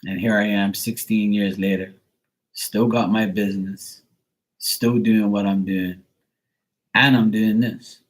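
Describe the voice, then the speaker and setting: A man's voice: on the low side, fairly even intonation, slow pace. A middle-aged man giving a tarot reading on a live stream, talking in a blunt, rambling way with many fillers. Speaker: tarot reader and livestream host. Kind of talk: casual live-stream chat.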